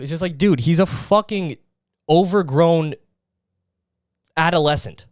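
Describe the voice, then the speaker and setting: A man's voice: a little high, measured pace, long pauses, clean tone, dry recording, clean studio sound. A young man hosting a solo podcast, ranting in an exasperated, profane way about other people's habits. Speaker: podcast host.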